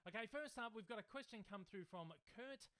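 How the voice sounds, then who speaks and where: A man's voice: high-pitched, lively intonation, a little fast, fairly bright tone, clean tone. A young man hosting a casual livestream Q&A from home, rambling and chatty with lots of fillers. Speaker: YouTube channel host. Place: home, in Melbourne.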